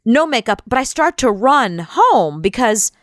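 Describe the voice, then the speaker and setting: A young adult woman co-hosting a radio show, telling a rambling, animated anecdote in casual chat. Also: fairly high pitch, unhurried, no echo, clean studio sound. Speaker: radio co-host.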